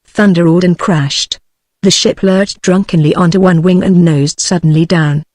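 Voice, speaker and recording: A synthetic British English woman's voice reading a novel aloud in an even, machine-read delivery. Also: fairly low pitch, normal speed, no room sound, clean studio sound. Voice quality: flat, even text-to-speech delivery. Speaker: audiobook narrator. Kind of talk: synthesized audiobook narration.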